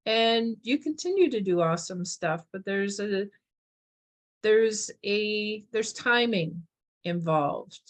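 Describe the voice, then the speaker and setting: A woman hosting a podcast, talking casually about gratitude and acting out quoted voices with big swings in pitch. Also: animated, slow pace. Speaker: podcast host. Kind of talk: casual spiritual chat.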